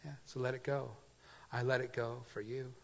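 A man preaching a sermon in a casual, conversational way, moving from loud emphasis to quiet asides. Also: mid-range voice, little pitch movement, moderate pace, gravelly, long reverb tail. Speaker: pastor.

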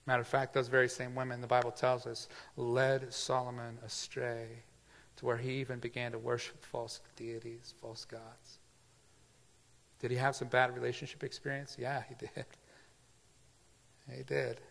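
A man preaching a sermon in a casual, conversational way, moving from loud emphasis to quiet asides. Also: mid-range voice, monotone, moderate pace, vocal fry, big-room sound. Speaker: pastor.

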